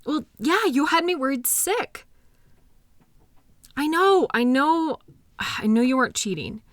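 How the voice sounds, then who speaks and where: An anxious, devoted girlfriend, voiced by a woman in an intimate audio roleplay, speaking in a slightly high, pleading voice. She sighs often and sounds worn out after a sleepless night. The recording is close and dry. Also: expressive, takes it slowly, no room sound. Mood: worried, pleading.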